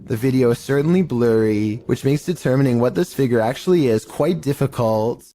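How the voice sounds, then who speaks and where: A man reading scripted narration for a compilation of eerie clips, in an even, measured delivery. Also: medium pitch, slight background noise.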